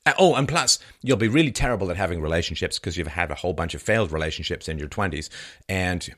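A man's voice: sits low, animated, fast talker, fairly bright tone. A man giving an opinionated monologue, sarcastic and mocking, repeating points for emphasis. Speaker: commentator.

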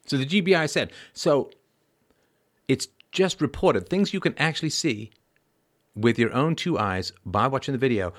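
A man's voice: mid-range voice, expressive, moderate pace. A man hosting a commentary show, reading news reports aloud and breaking off into sarcastic, mocking asides. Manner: mocking, wry asides, swings from loud sarcasm to mumbled remarks. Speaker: podcast host.

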